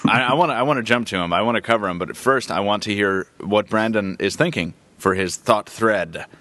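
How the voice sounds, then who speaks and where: Wry low-voiced male podcast host. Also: a little fast, a bit bright, a little hiss or hum. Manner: wry, joking, playful asides. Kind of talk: casual tech podcast chat.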